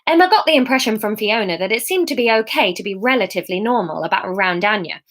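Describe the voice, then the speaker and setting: A woman reading her own novel aloud as a serial, expressive and self-mocking. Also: medium pitch, fast talker.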